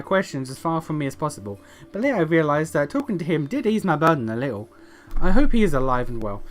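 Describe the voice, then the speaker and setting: Reading aloud in a slightly high voice, a man voices the lines of a weary, guilt-ridden old dwarf knight, often filling gaps with "uh."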